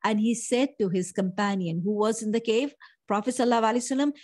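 A woman's voice: fairly high pitch, fast talker, darkish tone. A middle-aged woman teaching a Quran lesson in English, explaining verses and mixing in Arabic phrases.

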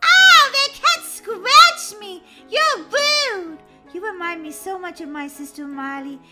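A woman voicing a grieving, easily shocked girl, shrill and excitable. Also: brisk, close to an everyday voice. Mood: dramatic. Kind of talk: voiced game role-play. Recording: music playing behind.

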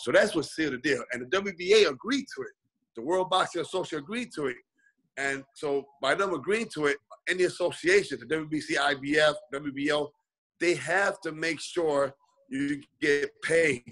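A boxer joins an interview by video call, his slightly high, fairly bright voice coming through a rough recording at a moderate pace. His long story wanders, with "you know" dropped in again and again.

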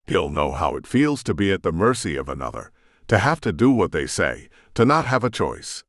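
A man's voice: deep voice, big pitch swings, moderate pace, no room sound, clean studio sound. A man voicing a bitter, vengeful male rogue shifter who taunts and threatens in a sneering way.

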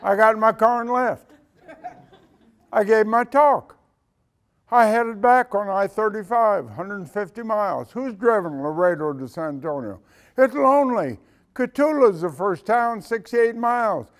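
Older man, retired military leader, lively storytelling speech, fairly high voice, acts out dialogue. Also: measured pace. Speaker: retired senior enlisted leader giving a talk.

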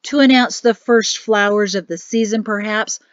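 A woman's voice: medium pitch, fairly even intonation, moderate pace, no echo, lightly acted. Woman doing a grumbling, fed-up army major. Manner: grumbling, weary and flustered. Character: exasperated male army major, son-in-law. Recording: dry, slightly muffled audio.

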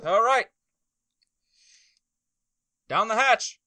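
An excitable man chatting through his gameplay in a high, bright voice. He jumps between pitches constantly, yelping and groaning as the game goes on. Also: very slow, no echo. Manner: loud, excitable, exclaiming and groaning as he plays. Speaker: gaming video host. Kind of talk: casual gameplay commentary.

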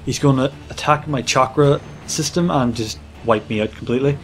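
A man giving casual gameplay commentary as a gaming channel host, playful and jokey with excitable rambling. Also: mid-range voice, moderate pace, faint music behind.

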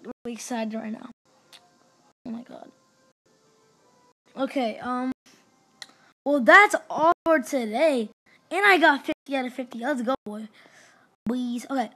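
Hyper high-voiced woman gushing over gameplay. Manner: gushing, hyper, repeats exclamations; swings between loud cheers and mumbled asides. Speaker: gaming channel host. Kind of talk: excited gameplay commentary.

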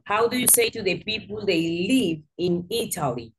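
A woman's voice: mid-range voice, expressive, normal speed, a little hiss or hum. A woman with a Spanish accent, English as a second language, teaching an English class in a classroom and patiently repeating and correcting her pupils.

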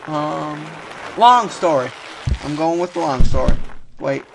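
A young man giving casual let's-play commentary, excitable, often yelping and muttering "oh dear" as he plays. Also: a little high, unhurried, creaky, heavy background noise. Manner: excitable, frequent yelps and "oh dear". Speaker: gaming video host. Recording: keyboard clicks and typing behind.

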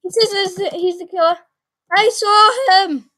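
A woman hosting her own gaming channel, giving excitable let's play commentary, repeating phrases and letting out sudden yelps. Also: extremely high pitch, measured pace.

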